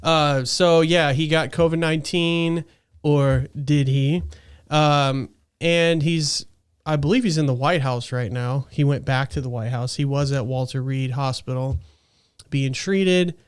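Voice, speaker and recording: A man's voice: fairly high pitch, steady tone, measured pace, clean tone. A man in his thirties hosting a casual podcast, chatting in a rambling way and laughing easily. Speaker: podcast host.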